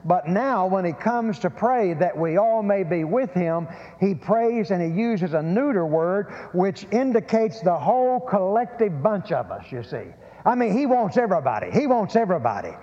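A man's voice: high voice, animated, unhurried, few pauses, mellow. A man preaching a sermon, emphatic and prone to repeating words and restarting phrases. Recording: lo-fi sermon recording in a reverberant hall.

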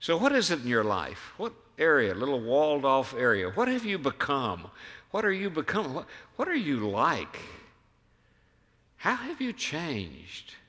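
A man preaching a sermon as a pastor, emphatic, firing rhetorical questions and swinging from hushed to loud. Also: mid-range voice, wildly swooping pitch, moderate pace, big-room sound. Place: church sanctuary.

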